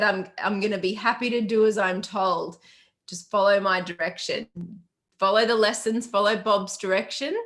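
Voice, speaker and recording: A woman's voice: medium pitch, fairly bright tone. A middle-aged Australian woman, a business coach, chatting on a live Q&A stream, upbeat and chatty, greeting viewers by name and laughing often. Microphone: webcam or laptop mic on a video call.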